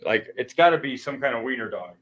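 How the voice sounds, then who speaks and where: A man talks loosely on a live stream, wandering through a story and swearing freely as he goes. His voice sits at an ordinary middle pitch, and he keeps restarting his sentences. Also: animated, fast talker, fairly bright tone, low-quality recording. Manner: rambling, profane storytelling with frequent restarts. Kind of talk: casual live-stream chat.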